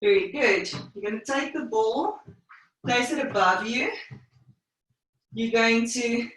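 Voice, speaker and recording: Slowly, and in a somewhat high, slightly bright voice, a woman teaches pilates live online, calling out breaths and rep counts in brief phrases while a little winded. She sounds distant from the microphone in a heavily echoing room.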